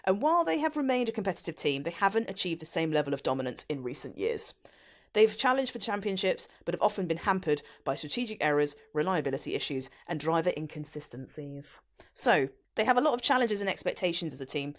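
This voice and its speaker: A woman co-hosting a casual podcast, chatty and quick to laugh as she explains things. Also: lowish voice. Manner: chatty, lively, laughs often. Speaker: podcast co-host.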